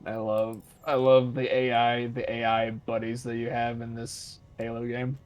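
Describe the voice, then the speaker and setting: A man's voice: mid-range voice, completely flat delivery, unhurried. A man talking casually with a friend over a voice call, rambling and repeating himself with frequent laughs.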